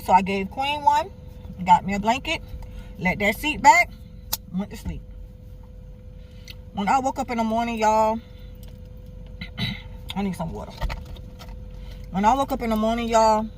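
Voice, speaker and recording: A woman's voice: fairly high pitch, slight background noise. Candid woman telling a personal story. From Miami, Florida. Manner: animated, candid, swears freely, keeps addressing viewers. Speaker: vlogger.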